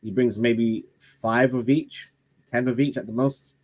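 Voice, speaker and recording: A man's voice: medium pitch, fairly even intonation, measured pace, darkish tone, slight background noise. Man telling anecdotes, laughing often. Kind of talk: casual live-stream chat.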